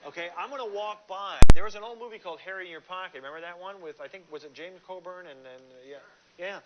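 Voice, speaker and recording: A man's voice: high-pitched, fast. A man hosting a late-night talk show, joking and rambling with lots of restarts, in a TV studio. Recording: dull lo-fi TV audio with loud noise.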